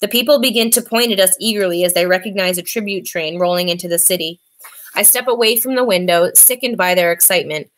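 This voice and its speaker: A woman reading a novel aloud in a steady, clear voice. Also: medium pitch. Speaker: reader.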